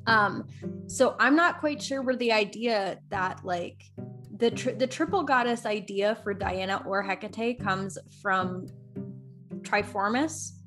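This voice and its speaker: A woman co-hosting a podcast, explaining a point and correcting herself as she goes. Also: medium pitch. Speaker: co-host. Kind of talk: casual podcast chat.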